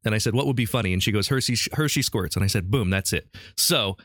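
A man's voice: on the low side, quick pace, a bit bright, dry recording, clean studio sound. A man hosting a casual comedy podcast quiz, chatty and laughing often as he reads out questions. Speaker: podcast host quizzing a guest.

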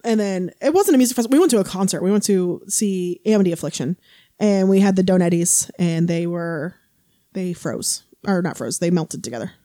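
A woman's voice: on the low side, expressive, fairly quick, dark tone, dry recording, clean studio sound. A woman co-hosting a podcast in casual chat, blunt and swearing freely. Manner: blunt, swears, laughs often. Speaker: podcast co-host.

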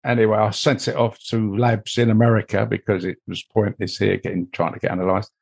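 This older interview guest, who investigates mold, spins a long, wandering personal tale packed with "you know" asides. He talks fairly quickly in a fairly low, level voice with vocal fry.

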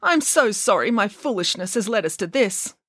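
A woman voicing a greedy, lazy boy made of chocolate in a read-aloud storybook, in a high, whiny, cheeky voice. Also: lively intonation, normal speed, a bit bright, breathy edge, dry recording, studio quality.

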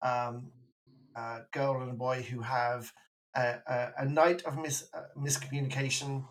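A British man co-hosting a film podcast, chatting casually, laughing often and breaking into animated bits. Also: medium pitch, measured pace, rough recording. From Britain. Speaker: podcast co-host. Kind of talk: casual film review chat.

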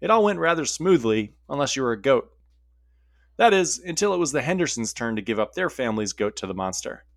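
A man tells a story in a casual voice, dropping wry asides as he goes. His voice sits at an ordinary middle pitch. The sound is dry and close, with no room echo. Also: big pitch swings, fairly quick, creaky. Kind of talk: storytelling narration.

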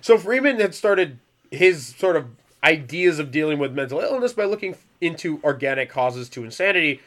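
A man's voice: fairly high pitch, animated, moderate pace, a bit bright. A man hosting a casual comedic chat podcast who swears freely and keeps slipping into goofy voices while retelling history. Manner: swearing, laughing, slips into goofy put-on voices. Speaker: podcast host presenting history.

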